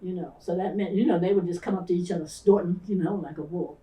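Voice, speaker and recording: This older Philadelphia-area woman pastor, lowish in pitch and quick in pace, recounts memories during an interview. She brings her tales to life by voicing the people in them, and the distant mic gives a roomy sound.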